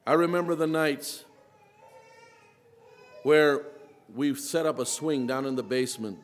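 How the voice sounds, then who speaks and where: Man preaching his testimony, high voice, big echoey hall, gets quiet then pleads hard. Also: measured pace. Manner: emotional, rising to urgent pleading. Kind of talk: sermon testimony. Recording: long hall reverb.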